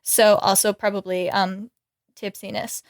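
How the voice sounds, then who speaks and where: A woman's voice: medium pitch, flat delivery, unhurried. A woman co-hosting a podcast, talking in a rambling, casual way and laughing often. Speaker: podcast co-host. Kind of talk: casual chat.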